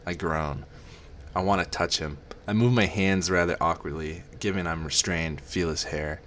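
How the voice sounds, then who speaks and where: A man's voice: deep voice, fairly even intonation, normal speed, fairly bright tone, a little hiss or hum. A man doing a comic reading of a romance parody, breaking off for mocking asides. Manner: mocking asides between read passages. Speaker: reader.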